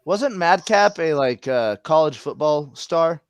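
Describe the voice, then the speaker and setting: Excitable man, sweary, fairly high pitch, dry close sound. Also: unhurried, clean tone, no echo. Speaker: podcast co-host. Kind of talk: live watch-along banter.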